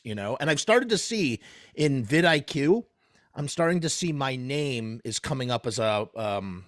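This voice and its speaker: Brief: podcast guest, man, rambling casual chat, animated delivery. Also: medium pitch, measured pace, no echo, studio quality. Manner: rambling, searches for words with fillers. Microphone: video call mic.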